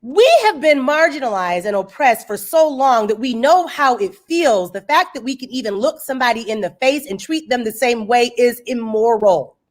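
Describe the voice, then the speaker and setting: A woman's voice: fairly high pitch, expressive, normal speed, few pauses. A woman hosting an online discussion over a video call, speaking emphatically in a preacherly way and repeating points for stress. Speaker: host. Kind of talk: impassioned discussion.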